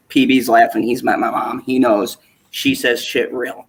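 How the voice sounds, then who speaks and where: A man's voice: medium pitch, flat delivery, normal speed, creaky. A man co-hosting a casual live chat, ranting heatedly with frequent swearing and mocking asides. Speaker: podcast co-host.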